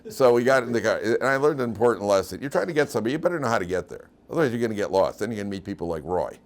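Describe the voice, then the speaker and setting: An older male rabbi lectures with a low, deep voice, weaving self-deprecating anecdotes into his teaching. His humor is dry, and his stories run long and loose. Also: expressive, rapid-fire.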